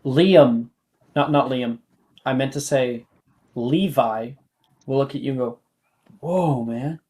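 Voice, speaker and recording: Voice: mid-range voice, a little slow, a little mellow. A game master running a tabletop game in a casual way, leaning on "like" as a filler.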